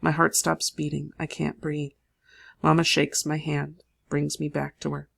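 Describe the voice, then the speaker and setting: Gravelly voice, somewhat high pitch, audiobook narrator, measured storytelling. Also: male voice, completely flat delivery, fairly bright tone. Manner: measured first-person storytelling.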